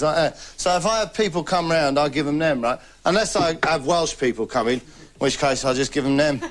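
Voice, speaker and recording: Brief: man, higher pitch, rambling deadpan comic host, noisy background. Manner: chatty, deadpan boasting, laughing at own jokes. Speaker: comedy host.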